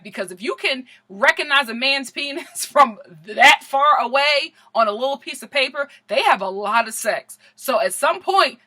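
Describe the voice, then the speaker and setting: This young woman, a vlogger, gives a sassy, comedic recap of a reality show in a high, bright, forceful voice. She laughs often and repeats her punchlines.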